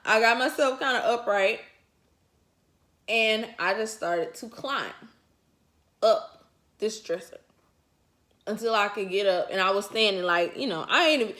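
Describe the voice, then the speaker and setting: A woman's voice: a little high, measured pace. A woman vlogger telling a personal story to her viewers in casual, colloquial chat, chuckling often as she talks. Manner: talks straight to the audience.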